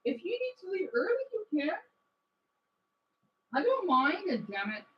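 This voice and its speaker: A woman streaming a game on her phone and chatting excitedly with her viewers, often restarting her sentences. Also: extremely high pitch, normal speed. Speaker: game streamer reading chat. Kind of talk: casual livestream chat. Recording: dull lo-fi phone audio.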